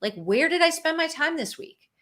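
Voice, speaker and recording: A woman business founder talks as an interview guest with a bright, crisp tone. She reasons out loud in a casual way and keeps slipping in "like" and "you know". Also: sits high, animated, normal speed. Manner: thoughtful, fillers like "like" and "you know". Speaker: guest, company founder and CEO. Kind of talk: conversational interview.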